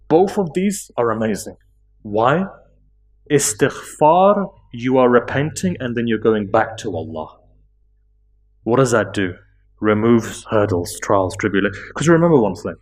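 Impassioned male preacher. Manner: builds to high, impassioned pleading in stories; slow, drawn-out emphasis. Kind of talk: emotional religious sermon.

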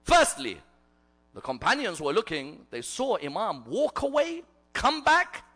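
Male preacher telling a story in a sermon, forceful bright voice, dramatic swings from loud to hushed. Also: high voice, huge pitch swings, unhurried.

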